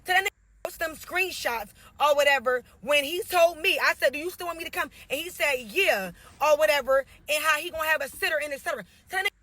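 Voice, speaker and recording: A woman's voice: sits high, fast talker, bright, forceful tone, no room sound. A woman telling her side of a dating story in a casual, indignant rant, reading messages aloud.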